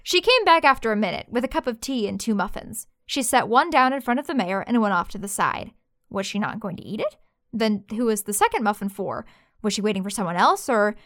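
A woman narrating a fantasy story in a lively, expressive reading. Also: medium pitch, a little fast, no room sound, studio quality.

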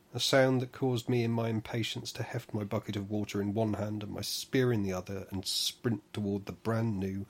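Husky low-voiced male audiobook narrator. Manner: measured, slows down for dramatic moments. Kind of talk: first-person fantasy narration.

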